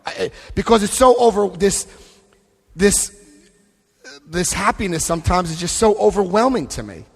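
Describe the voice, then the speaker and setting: A man's voice: high-pitched, animated, moderate pace, husky. A man giving a recovery talk at a convention, emphatic, repeating key phrases and asking the crowd questions. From United States. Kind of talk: recovery talk with book reading. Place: convention hall. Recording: long hall reverb.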